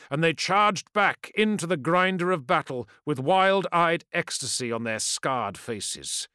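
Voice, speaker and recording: A man's voice: fairly high pitch, a bit bright, no room sound, clean studio sound. Dramatic male fantasy audiobook narrator.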